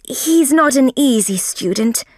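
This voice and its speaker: A woman voicing an anxious male college tutor in a slow storybook reading, with a high, pleading manner. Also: animated, a little mellow, no room sound, studio quality. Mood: polite.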